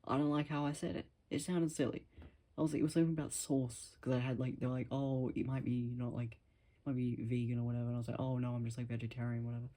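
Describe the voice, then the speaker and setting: A man talking casually to his camera at home, rambling and self-deprecating, in a musing, soft-spoken way. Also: mid-range voice, flat delivery, quick pace. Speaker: vlogger.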